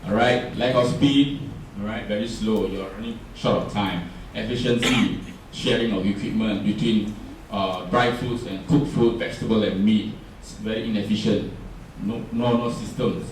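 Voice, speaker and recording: Speaking at normal speed in a fairly low, steady voice, this man presents a workshop in Singaporean-accented English, chatting casually and asking the audience question after question. There's a faint hiss or hum, and the distant mic gives the room a noticeable echo.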